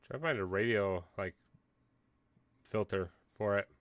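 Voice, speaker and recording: A man's voice: lowish voice, a little slow, no room sound. A man streaming a game, talking in a hesitant, rambling way with lots of fillers. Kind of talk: casual livestream chat.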